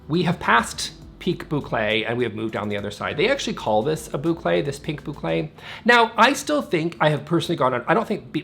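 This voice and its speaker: A man reviewing home products in a vlog, animated and exasperated, with a sarcastic sense of humor. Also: on the high side, creaky. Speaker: interior designer reviewing products. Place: seated in a chair indoors.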